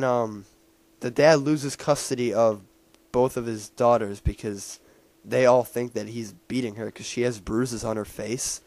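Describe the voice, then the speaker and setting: A man's voice: lowish voice, darkish tone, no echo. A man casually recapping a movie he just saw, rambling with many fillers and restarts. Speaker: movie reviewer.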